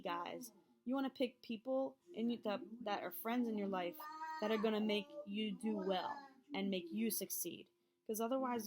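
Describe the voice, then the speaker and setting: A woman teacher reading over a health lesson and explaining it to her students in a chatty way, checking in often with "okay?". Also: medium pitch. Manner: chatty, checks in with frequent okays.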